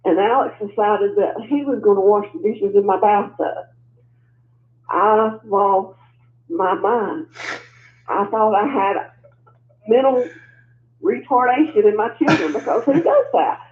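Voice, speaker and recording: A middle-aged woman calling in to a show, telling family stories in an excitable, exasperated way. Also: medium pitch, measured pace, long pauses, reverberant. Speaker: caller. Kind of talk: casual phone call-in story. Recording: tinny phone line with faint hum.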